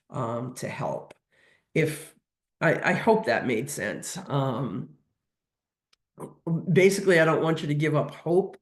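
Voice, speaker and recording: A woman's voice: low-pitched, a little mellow. A woman who works as a veterinary nutrition technician, answering audience questions in a webinar, hesitant with many fillers and restarts.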